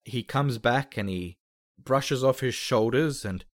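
A man's voice: mid-range voice, takes it slowly, no room sound, clean studio sound. A man narrating a tabletop role-playing game as game master, describing scenes vividly with some hesitant restarts.

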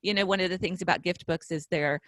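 A woman author chatting as a podcast guest, self-deprecating and quick to laugh. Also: fairly low pitch, steady tone, no room sound. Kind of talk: casual chat.

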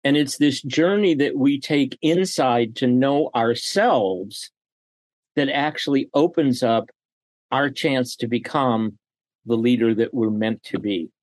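A man's voice: medium pitch, takes it slowly, no room sound. A middle-aged man talking as a guest on a podcast interview, telling stories and acting out quoted dialogue. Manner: animated storyteller who acts out quoted dialogue. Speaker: guest, business leader and coach.

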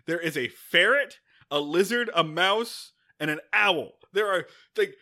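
A man co-hosting a casual movie podcast, excitable and prone to swearing as he recaps the plot. His voice sits a bit high and sounds bright and forceful. He swings his pitch around constantly as he gets worked up. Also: a little slow. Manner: excitable, swearing, animated retelling with acted-out quotes. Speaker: podcast co-host. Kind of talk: casual movie-review chat.

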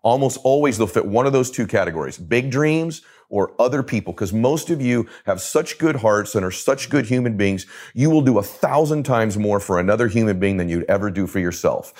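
A man's voice: lowish voice, animated, a little fast, hardly any pauses, darkish tone. A middle-aged man, a motivational coach, telling a personal story with emphatic, repetitive phrasing in a podcast conversation. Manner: emphatic, repeats phrases for effect.

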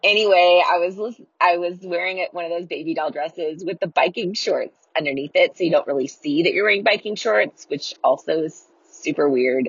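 A woman with a low, husky voice rambles through a self-deprecating story with giggly asides. The sound is dull and lo-fi, with a dry, close feel. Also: no echo. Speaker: podcast guest. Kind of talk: casual storytelling. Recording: dull lo-fi recording.

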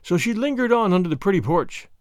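A man narrating a classic novel as an audiobook, with an expressive storytelling cadence. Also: high-pitched, fast, no room sound, clean studio sound. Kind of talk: scripted narration.

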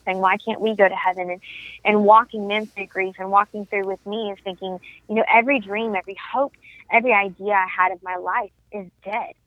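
A woman's voice: medium pitch, fairly bright tone, no room sound. Young woman, earnest testimony, tinny phone-line sound, dry. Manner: earnest, heartfelt storytelling. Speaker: guest. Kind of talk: personal testimony in a podcast interview. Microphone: phone call.

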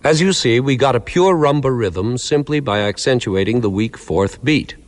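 A man giving a clear, measured lecture that explains musical ideas step by step, sometimes counting out beats. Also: mid-range voice, expressive, in a large hall, noisy background.

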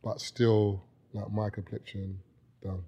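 A man's voice: lowish voice, little pitch movement, slow, breathy edge, highs cut off. A man with a British accent, a podcast guest, chatting casually and bantering with a joking, laughing manner.

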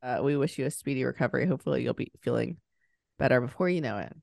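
A woman's voice: very deep voice, racing, vocal fry, a little mellow, no room sound, clean studio sound. A woman hosting a podcast, chatting casually and enthusiastically. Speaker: podcast host. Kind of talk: casual chat.

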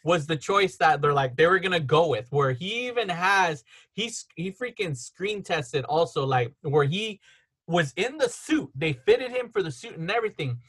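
A man's voice: a little high, animated, fairly bright tone, slightly rough. Rambling man telling film stories. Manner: rambling, storytelling with quick laughs. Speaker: podcast host. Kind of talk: casual chat. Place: home.

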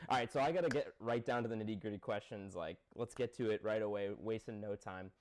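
A man hosting a podcast, firing off playful and eager questions in a fairly low voice. He keeps a casual, bantering tone. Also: fast, a little mellow. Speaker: podcast host. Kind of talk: casual interview chat.

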